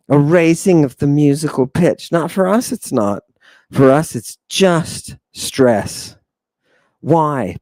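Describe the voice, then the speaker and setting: A man's voice: on the high side, dark tone, no room sound. A man teaching a Greek class, theatrical and emphatic, stretching key words, often asking the room "right?" and sighing in exasperation. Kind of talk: classroom lecture.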